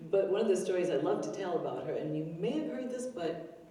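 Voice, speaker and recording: Talking fast with lively intonation, an older woman comedian shares chatty, self-deprecating stories laced with fillers. Her voice is fairly low and warm. It's an open mic on an arts center stage with a live audience, captured from a distance in a roomy hall.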